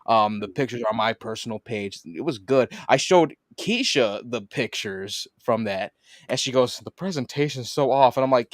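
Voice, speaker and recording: A man hosting a podcast in casual chat, an animated storyteller who swears and laughs often. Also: medium pitch, moderate pace, no room sound, studio quality. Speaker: podcast host.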